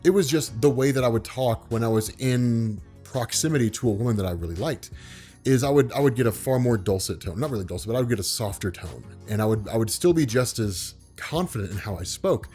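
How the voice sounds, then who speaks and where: A man vlogging in a relaxed, unhurried way, with a voice that carries and commands attention, spoken from the diaphragm. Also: mid-range voice, soft background music. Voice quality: carrying, commanding voice. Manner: calm, laid-back, unhurried; speaks from the diaphragm. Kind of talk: relaxed talk to camera.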